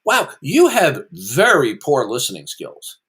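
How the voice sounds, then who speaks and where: A man's voice: mid-range voice, wildly swooping pitch, a little slow, fairly bright tone, husky. A man hosting a heated call-in debate, condescending and combative, quizzing the caller. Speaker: host.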